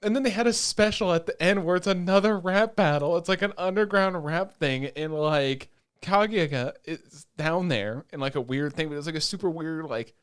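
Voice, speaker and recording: Guy cohosting an anime podcast, kinda higher voice, acting out scenes as he goes. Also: clear, resonant tone. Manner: animated retelling, acts out scenes in quick quoted voices. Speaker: podcast co-host. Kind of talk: casual chat about anime.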